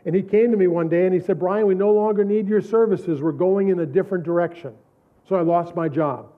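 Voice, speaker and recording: A man's voice: sits high, fairly quick. A middle-aged man preaching a sermon, telling stories from his own life with repeated, emphatic phrases and frequent laughs. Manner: storytelling, repetitive emphatic phrasing, laughs often. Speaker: pastor. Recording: tinny phone-like recording.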